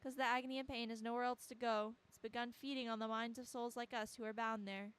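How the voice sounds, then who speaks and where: A woman reading the lines of a murdered girl's sorrowful spirit in a horror game, quiet and grave. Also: a little high, flat delivery, fast talker, clean tone, close to an everyday voice. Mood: somber. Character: sorrowful ghost girl, a murdered child's spirit.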